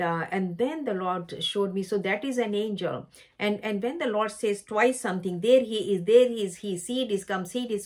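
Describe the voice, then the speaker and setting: Woman, devotional speaker, earnest and unhurried, mid-range voice, halting delivery that doubles back to stress key words. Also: medium pitch. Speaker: Christian speaker sharing a vision. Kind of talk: devotional message.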